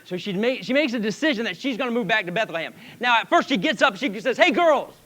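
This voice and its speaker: A man's voice: high-pitched, lively intonation, quick pace, bright, forceful tone. A man preaching a sermon as pastor, telling the story with animation and asking the congregation questions.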